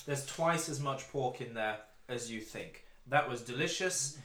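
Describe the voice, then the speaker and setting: A man's voice: medium pitch, unhurried, fairly bright tone, echoey room, a little hiss or hum. A young man from England hosting a casual food-review podcast, wry and mock-formal, laughing often among friends. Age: young adult. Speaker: podcast host. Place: room with friends around a table.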